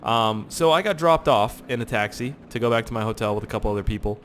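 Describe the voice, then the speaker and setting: A man's voice: medium pitch, quick pace, fairly bright tone, slight background noise. A man from Canada, telling rambling, profane stories while he plays a game. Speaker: gaming YouTuber. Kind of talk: casual storytelling over gameplay.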